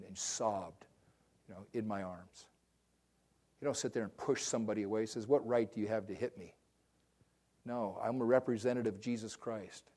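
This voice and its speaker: A man's voice: mid-range voice, warm tone. A middle-aged male pastor preaching a sermon, telling stories with passion, often restarting and repeating words. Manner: impassioned storytelling with frequent restarts and repeated words.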